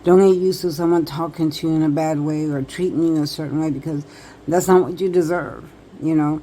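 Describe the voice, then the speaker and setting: A woman's voice: sits low, steady tone, brisk, dark tone, a little hiss or hum, low-quality recording. A woman tarot reader talking directly to viewers in a casual, emphatic, repetitive way. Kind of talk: casual advice monologue to viewers.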